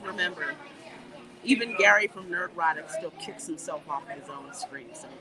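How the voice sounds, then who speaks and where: Walking through a theme park, a woman hosts a casual livestream, reading viewer comments, greeting people warmly and laughing often in a chatty, animated way. Her voice is mid-range, and the noisy outdoor audio carries park ambience and music.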